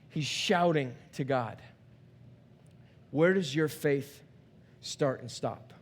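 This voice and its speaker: Middle-aged pastor, high voice, slow delivery, hushed to shouting. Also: male voice. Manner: swings from quiet to shouting; repeats words when thinking. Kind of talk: sermon. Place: church sanctuary.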